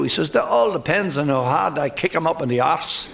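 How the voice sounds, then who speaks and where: An Irish man, a stand-up comedian telling football jokes who laughs at his own punchlines and slips into quick voices for his characters. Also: on the high side, expressive, creaky, crowd noise. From Ireland.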